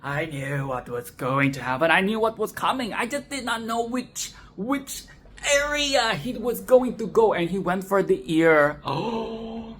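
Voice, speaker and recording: A woman giving a casual, animated film commentary, swearing, laughing and repeating phrases for emphasis. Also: mid-range voice, slow, a little hiss or hum. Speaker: film review vlogger.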